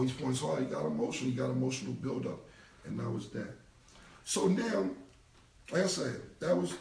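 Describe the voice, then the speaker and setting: Gravelly man ranting on a phone livestream. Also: medium pitch, recorded from a distance. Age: 40s. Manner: emphatic, repeats himself, slangy and profane. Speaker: rapper responding on a livestream. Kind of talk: casual rambling livestream rant. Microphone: phone held away. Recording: roomy echo, voice away from the phone mic.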